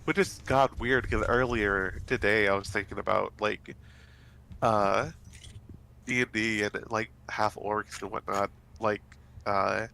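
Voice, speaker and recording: Casting: stuffed-up guy, bright tone, rambly casual gaming chat. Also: fairly low pitch, fairly even intonation, unhurried, creaky, slight background noise, low-quality recording. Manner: rambling, many fillers and restarts. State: stuffy, congested nose. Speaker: let's play host.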